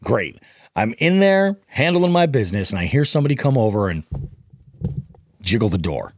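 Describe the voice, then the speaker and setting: A man's voice: medium pitch, moderate pace, no echo. A man guesting on a podcast, telling a casual, profane story and acting out what people said. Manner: animated, profane, acts out quoted dialogue.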